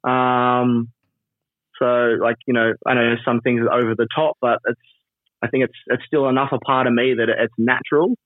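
A man being interviewed about his wrestling persona, animated and rambling, laughing often and full of fillers. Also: mid-range voice, normal speed, dry recording. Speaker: wrestler and trainer, interview guest. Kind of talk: casual interview over a call. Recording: tinny phone-like line, dry.

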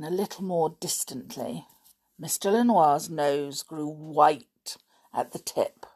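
A woman narrates a children's adventure book at a very slow, unhurried pace. Her voice sits low and carries a husky, breathy grain. The telling is expressive, leaning into each sentence. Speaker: storyteller. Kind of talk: reading a children's book aloud.

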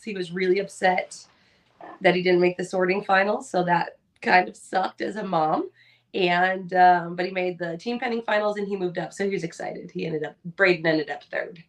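A woman's voice: lowish voice, moderate pace, recorded from a distance. A woman co-hosting a podcast, chatting casually and laughing at herself. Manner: chatty, self-deprecating, laughs often. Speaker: podcast co-host. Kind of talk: casual chat.

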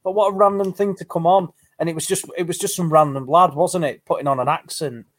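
A man's voice: on the high side, fairly even intonation, fast, dry recording. A man, co-hosting a casual boxing podcast, telling an amused, rambling story. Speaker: podcast co-host.

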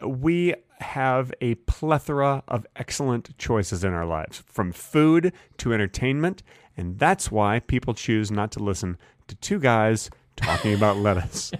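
A man co-hosting a podcast and joking around in a deadpan, playful way. His pitch moves a lot, and the recording is dry and close. He talks at a middle pitch. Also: unhurried, no room sound. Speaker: podcast co-host. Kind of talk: casual comedic chat.

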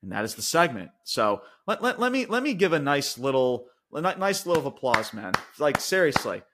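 A man co-hosting a wrestling podcast, ranting and swearing in casual chat, going from loud outbursts to quiet mutters. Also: medium pitch, very animated, normal speed. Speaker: podcast co-host.

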